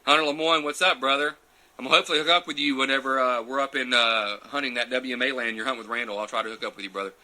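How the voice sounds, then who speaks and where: Guy with a really bright edgy voice, chatty and loose, talking into his phone on a live q&a. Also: mid-range voice, steady tone, very fast, rough recording. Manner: chatty, loose and digressive, reading out comments as he goes. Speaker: champion turkey caller answering viewer questions. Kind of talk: casual live Q&A and demonstration.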